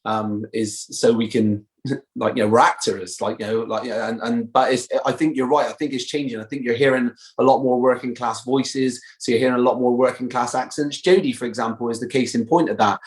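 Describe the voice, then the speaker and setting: A man's voice: mid-range voice, fairly even intonation, fairly quick. A man with a Bristolian accent talks loosely and at length as an interview guest. He restarts his sentences often and leans on fillers while he chats. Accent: Bristolian English. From Bristol, England. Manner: chatty, many fillers and restarts. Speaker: guest actor. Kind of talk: casual interview chat.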